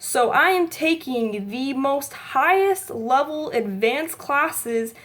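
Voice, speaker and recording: A woman's voice: high voice, expressive, slow pace, fairly bright tone. A woman, chatting casually to camera in a rambling vlog full of likes and ums. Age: 20s. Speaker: vlogger.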